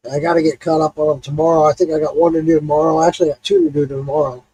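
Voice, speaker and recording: A man's voice: fairly high pitch, very fast, a little hiss or hum, poor audio. A man hosting a livestream, telling stories in a loose, casual chat and swearing freely. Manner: animated storytelling, swears freely. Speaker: livestream host.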